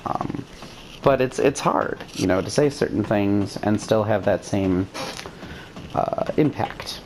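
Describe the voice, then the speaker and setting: A woman with a very deep voice giving rambling, self-deprecating let's-play commentary as she plays. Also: moderate pace, noisy background. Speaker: game streamer.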